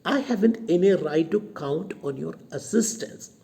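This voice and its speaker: A man's voice: fairly high pitch, expressive, normal speed, gravelly, mellow. A man with an Indian English accent reading the part of a nervous, timid young male suitor who speaks in a hesitant, stumbling, apologetic way.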